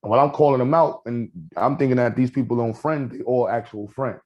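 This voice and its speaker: A man's voice: mid-range voice, brisk, lo-fi sound. A man telling stories in a casual podcast chat, acting out what people said. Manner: storytelling, animated, acts out quotes.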